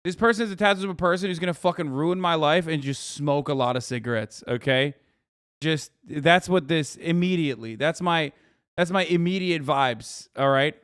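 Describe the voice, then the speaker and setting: Male streamer, crisp voice, dry close sound, swears a lot, riffs fast. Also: on the high side, no room sound. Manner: profane, animated, digressive. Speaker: streamer host. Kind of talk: casual reaction chat.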